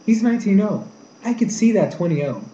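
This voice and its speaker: A man's voice: sits high, animated, a little fast, dark tone, muffled recording. Young man recapping in an echoey room. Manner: retells scenes, quoting characters in his own voice. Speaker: vlogger. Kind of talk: casual recap and predictions. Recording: echoey room, faint background noise.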